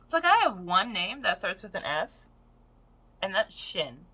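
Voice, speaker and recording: A vlogger in her late twenties rants to camera in a frank, exasperated way, swearing plenty as she tells her story. Her mid-range voice is very animated, pushed, bright and slightly rough, though her pace stays measured.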